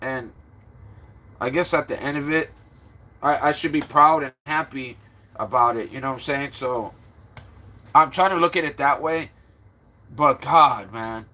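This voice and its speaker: A man's voice: measured pace, long pauses, bright, forceful tone. Stressed, rambling man on a livestream. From Florida, USA. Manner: rambling, talks to viewers, turns low and subdued. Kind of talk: casual livestream chat.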